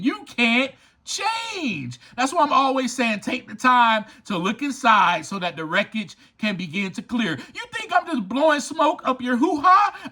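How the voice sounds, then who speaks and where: A man hosts a motivational podcast in an emphatic, preachy way, circling back to repeat his points. His voice sits high and bright. He talks slowly and with lots of swing in pitch. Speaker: podcast host and author. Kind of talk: motivational recovery podcast talk.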